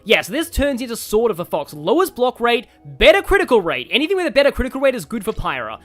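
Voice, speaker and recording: A man's voice: very high-pitched, huge pitch swings, quick pace. A man streaming a game, thinking aloud in a rambling casual way with many fillers. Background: faint game music.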